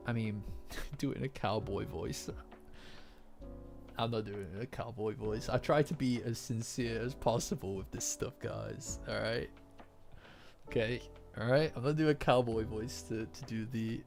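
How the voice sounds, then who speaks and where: A man's voice: mid-range voice, darkish tone. A man streaming a casual chat, rambling and joking at his own expense. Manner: rambling, self-mocking, joking.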